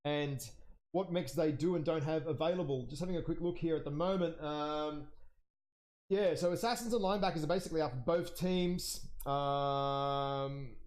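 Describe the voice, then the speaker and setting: A young man casting an online game league match live, chatty and rambling as he thinks aloud, his voice jumping higher when something surprises him. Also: normal speed, darkish tone. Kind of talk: live esports commentary.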